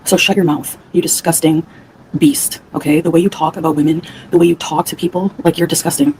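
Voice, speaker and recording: A woman's voice: low voice, steady tone, fairly quick, darkish tone, a little hiss or hum, rough recording. A woman from Canada ranting angrily on a livestream, profane and heated, answering her chat. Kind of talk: angry livestream rant.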